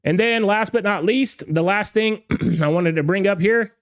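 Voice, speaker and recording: A man with a fairly high voice rants to his viewers as a DJ show host. He talks casually and emphatically, often tagging "okay?" and "all right?" onto his points. His voice has gone a little hoarse from talking all night. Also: moderate pace. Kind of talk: casual livestream rant.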